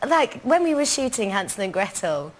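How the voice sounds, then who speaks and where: A woman's voice: fairly high pitch, very animated, moderate pace, background noise. A woman, a chat show guest telling a cheeky, giggly anecdote.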